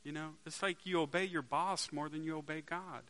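A man's voice: on the high side, fairly even intonation, fairly quick, pushed and bright. A man preaching a sermon to a congregation in a conversational way, asking them rhetorical questions and restarting words as he searches for them.

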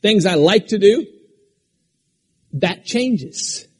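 A man from Alaska preaching a sermon as pastor, swinging between shouted declarations and quiet, conversational asides. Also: sits high, animated, drawn-out words, husky.

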